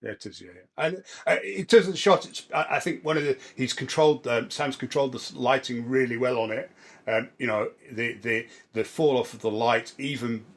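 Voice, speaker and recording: A man's voice: mid-range voice, a little fast. A man co-hosting a casual chat, praising photos in a reflective, appreciative way. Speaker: co-host.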